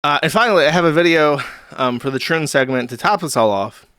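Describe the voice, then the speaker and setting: A man's voice: a little high, animated, fairly quick, fairly bright tone, smooth, no echo, clean studio sound. A man hosting a casual commentary stream, crude and sarcastic, rambling between asides. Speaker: streamer host.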